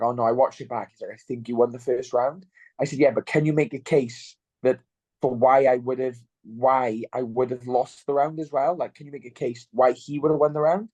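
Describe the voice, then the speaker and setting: A man's voice: mid-range voice, dark tone, dry recording. A young man, a fighter in an interview, talking bluntly and swearing freely. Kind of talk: casual interview chat.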